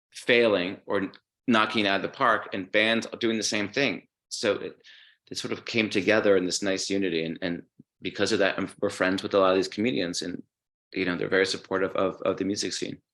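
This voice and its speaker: A man talking as a podcast guest, telling stories in a relaxed way and swearing casually. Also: lowish voice. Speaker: guest musician.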